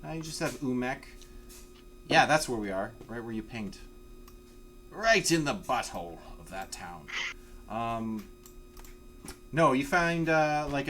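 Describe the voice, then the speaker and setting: A man's voice: medium pitch, fairly bright tone. A man narrating a tabletop game as game master, loose and rambling. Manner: rambling, many fillers and restarts.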